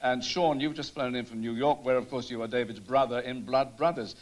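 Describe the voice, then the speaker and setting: A man's voice: medium pitch, fairly even intonation, fairly quick. A man hosting a television tribute show, introducing guests in a polished, scripted way. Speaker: TV host.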